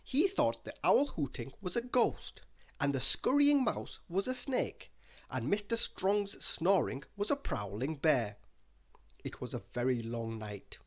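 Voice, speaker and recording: A man's voice: a little high, very animated, a little slow. Man reading a bedtime story, sing-song. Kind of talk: bedtime story read-aloud.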